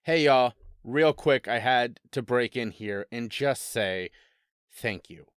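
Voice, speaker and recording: Man with a smooth, dry voice. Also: mid-range voice, slow pace, no room sound. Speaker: podcast host. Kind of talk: direct address to listeners.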